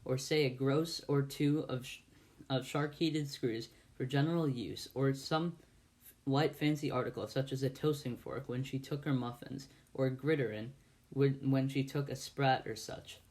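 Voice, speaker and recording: A man voicing a plain-spoken, kindly village blacksmith, slow and deliberate in an amateur audiobook reading. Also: mid-range voice, steady tone, darkish tone, lightly acted. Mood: earnest. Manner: ponderous, deliberate, rustic grammar.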